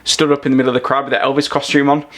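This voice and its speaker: A man's voice: mid-range voice, little pitch movement, very fast, a bit bright. Chatty man telling stories. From Nottingham, England. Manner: rambling storyteller, swears freely, many fillers. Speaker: podcast guest, singer-songwriter. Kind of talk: casual chat.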